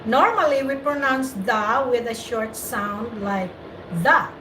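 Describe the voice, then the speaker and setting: A woman tutoring English pronunciation in a casual, patient way, explaining rules slowly. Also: a little high, noisy background. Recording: echoey room, distant mic.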